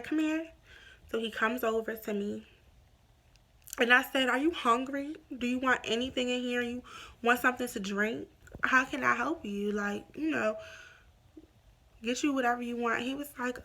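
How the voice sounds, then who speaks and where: Young woman telling a storytime, higher voice. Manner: animated retelling with quoted dialogue. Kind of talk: casual storytime vlog.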